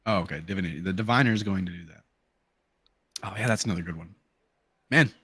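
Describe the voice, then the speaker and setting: Man as game master, low voice, dry close sound, casual halting narration. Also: a bit bright, slightly rough, no echo.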